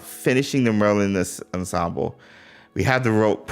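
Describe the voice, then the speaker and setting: A man's voice: fairly low pitch, moderate pace, clean tone, faint music behind. A young man hosting a casual livestream, greeting chat viewers and pleading with exasperated sighs and laughs. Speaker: livestream host. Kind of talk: casual live-stream chat.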